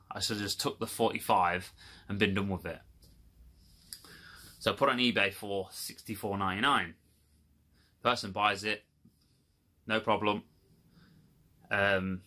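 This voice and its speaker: A man's voice: lowish voice, sharp tone. Exasperated man ranting. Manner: swearing, exasperated storytelling. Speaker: video creator. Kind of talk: casual rant to camera.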